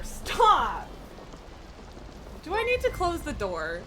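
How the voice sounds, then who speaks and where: A woman streamer with a high, bright voice that swings all over. She talks in an unhurried way, breaking into laughter and cursing at her pet as she chats live from her home setup. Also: wildly swooping pitch, slight background noise. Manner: laughs often, swears and scolds her pet. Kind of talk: casual live-stream chat. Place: home streaming room with acoustic foam.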